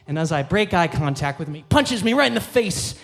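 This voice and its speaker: A man, the band's violinist, telling an animated story on a theater stage into a stage microphone, acting out scenes with sudden jumps in pitch. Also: brisk, gravelly, soft background music. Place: theater stage at a live concert.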